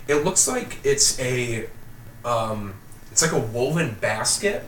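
A man's voice: mid-range voice, measured pace, a bit bright, a little hiss or hum. A man running a tabletop game as game master, narrating casually with many fillers, recorded in a roomy space. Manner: rambling, full of fillers. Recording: roomy echo, distant mic.

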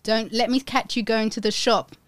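A woman, a mother and podcast guest, telling stories in an animated way and acting out what people said. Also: a little high, moderate pace, slight background noise. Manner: animated storyteller, acts out quotes. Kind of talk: casual chat.

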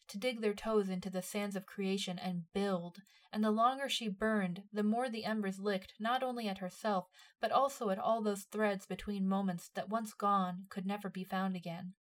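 Woman reading a story aloud. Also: mid-range voice. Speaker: narrator. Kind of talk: storytelling narration of fan fiction.

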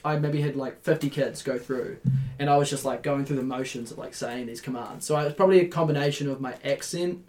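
A man's voice: medium pitch, steady tone, a little mellow. A young man with a New Zealand accent, co-hosting a casual podcast chat and telling stories with frequent laughter. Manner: laughs often, quick storytelling. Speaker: podcast co-host.

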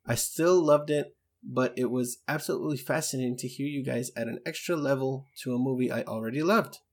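A man's voice: mid-range voice, fairly quick. An English man co-hosting a podcast, chatting enthusiastically and reading out listener emails. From England. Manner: enthusiastic, chatty, with many fillers. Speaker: podcast co-host.

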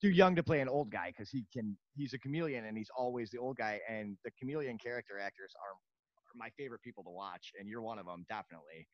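A man's voice: medium pitch, fast talker, no echo. A man hosting a podcast in casual chat, blunt and joking, swearing now and then. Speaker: podcast host. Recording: dull dry lo-fi sound.

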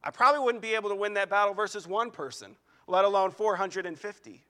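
A young man preaching at a youth service, reading scripture aloud and telling animated personal stories. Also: high-pitched, quick pace, smooth. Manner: animated storytelling that mimics crowds.

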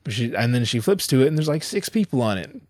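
A young man spins a casual story in an animated, profane way, tripping over his words and restarting often. His voice sits in an ordinary middle register. It is recorded close and dry, with no room sound. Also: medium pitch, fast talker, no room sound.

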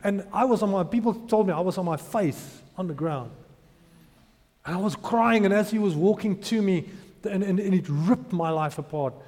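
A man in his thirties delivers a heartfelt sermon testimony, his slightly high voice swelling into loud emphasis. The sound carries a long reverb from a big hall. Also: normal speed. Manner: emotional storytelling, rising to loud emphasis. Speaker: preacher.

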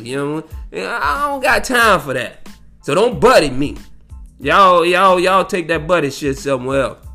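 A man's voice: fairly high pitch, bright, forceful tone. A man telling a rambling, profane story in casual chat, saying "you know what I'm saying" again and again. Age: adult, grew up in the nineties.

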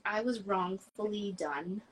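A woman co-hosting a casual podcast, telling stories in an animated, dramatic way with quick asides. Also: mid-range voice, poor audio. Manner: animated, dramatic retelling with laughter. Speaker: podcast co-host. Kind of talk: casual chat about books.

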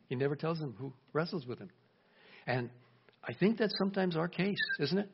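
A man preaching a sermon in a lively way, acting out the voices he quotes and asking his congregation questions. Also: a little high, a little fast, breathy edge. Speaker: pastor. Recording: dull lo-fi recording.

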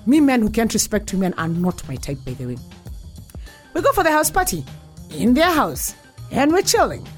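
A Kenyan woman tells a story as a blunt, foul-mouthed rant, slipping between English and Swahili. Her voice sits a little high and swings widely in pitch. Faint music plays behind her. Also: sing-song, normal speed. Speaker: vlogger.

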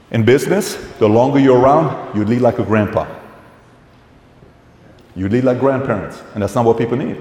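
A man giving a live motivational business talk to an audience, an animated storyteller who acts out dialogue with blunt, profane language. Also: mid-range voice. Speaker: business speaker. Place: large hall with a live audience. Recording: echoey hall, long reverb.

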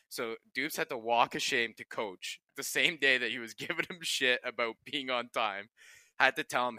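Young man, podcast co-host, bright tense voice, clean dry sound, casual storytelling with lots of laughs. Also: mid-range voice, normal speed, no echo. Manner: laughs often while telling stories, swears casually.

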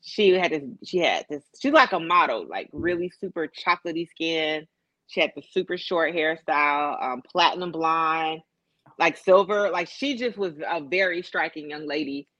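A woman chats casually as a podcast co-host, spinning animated stories full of acted-out quotes. Her voice sits a little low. The sound is dry and a bit dull, close to the mic. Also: normal speed, no room sound. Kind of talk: casual chat.

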